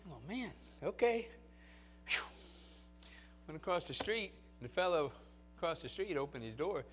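Male pastor with a high voice. Storytelling sermon, quiet anecdotes building to fervent, loud exhortation. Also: very animated, normal speed, soft background music.

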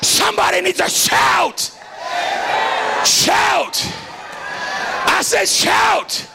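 A man preaching a fiery revival sermon as a visiting preacher, shouting and repeating lines for emphasis. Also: very high-pitched, expressive, drawn-out words, gravelly, loud music behind the voice, over a noisy crowd. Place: church sanctuary.

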